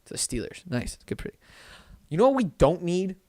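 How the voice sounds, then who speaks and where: A young man hosting a live watch-party stream, reading chat aloud and ranting, swinging between loud outbursts and low muttered asides. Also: very animated, normal speed. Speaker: livestream host.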